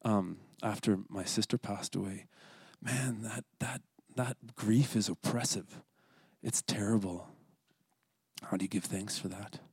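A man's voice: fairly low pitch, measured pace, a little mellow, slightly rough, no room sound. A man giving an earnest, scripted devotional talk at a church service, sometimes dropping to a whisper for prayers. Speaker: lay speaker at a church service.

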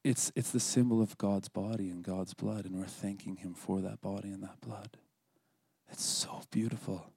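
A man's voice: on the low side, flat delivery, moderate pace, vocal fry, few pauses, dark tone, husky, dry recording. A man giving an earnest, scripted devotional talk at a church service, sometimes dropping to a whisper for prayers. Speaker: lay speaker at a church service.

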